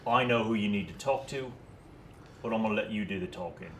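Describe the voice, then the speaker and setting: A young man playing a rogue in a tabletop game, wry and scheming, with halting restarts. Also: lowish voice, a little hiss or hum. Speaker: player. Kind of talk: casual tabletop play.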